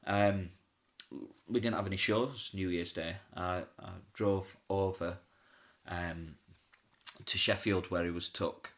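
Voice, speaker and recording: A man's voice: low voice, steady tone, slow pace, fairly bright tone. A man, a pantomime comic telling stories in a casual interview, chatty and often laughing. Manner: chatty, laughs often, acts out quoted voices.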